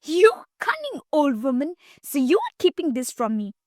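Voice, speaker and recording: A woman's voice: high-pitched, wildly swooping pitch, normal speed, no room sound, clean studio sound, pitched above the performer's own voice. A woman playing a pushy, greedy aunt. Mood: demanding. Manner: demanding and loud.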